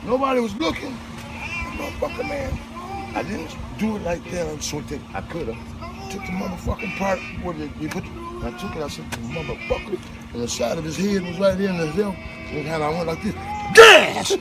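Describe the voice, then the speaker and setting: A man telling a profane, animated work story to friends, often laughing and shouting. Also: high voice, fairly quick, low-quality recording. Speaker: bricklayer telling work stories. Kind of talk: casual storytelling among friends. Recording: loud music behind.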